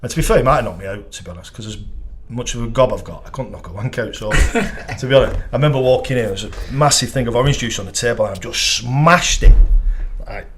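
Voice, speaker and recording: A man with a Northern English accent, a goalkeeping coach telling animated, sweary stories as a podcast guest, laughing as he goes. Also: medium pitch, fast, slight background noise. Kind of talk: anecdotal storytelling chat.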